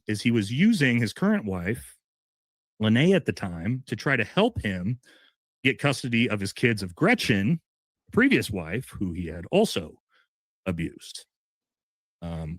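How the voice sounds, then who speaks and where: A man's voice: on the low side, dry recording, studio quality. A man hosting a live podcast, talking to his viewers in an emphatic, indignant way. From United States. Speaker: podcast host.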